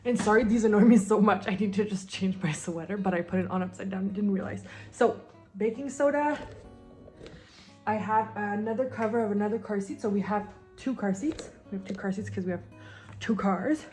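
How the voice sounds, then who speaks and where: A heavily pregnant young vlogger, whose speech carries her mother tongue, chats casually while cleaning at home and moving from room to room. Her medium-pitched, slightly mellow voice moves at a normal speed over soft background music. She is scattered and full of fillers, laughs at herself, and is sometimes out of breath.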